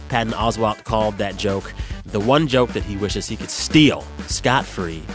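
A man in his thirties hosting a radio talk show, chatting casually with a playful, self-mocking manner. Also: lowish voice. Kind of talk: casual chat. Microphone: studio microphone.

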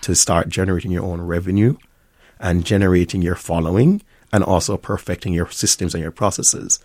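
A man's voice: sits low, steady tone, fairly quick, darkish tone, dry recording, clean studio sound. A middle-aged Jamaican man, a restaurant owner, talking in an upbeat interview and laughing often. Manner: upbeat, laughs often, acts out customers' voices. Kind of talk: interview conversation.

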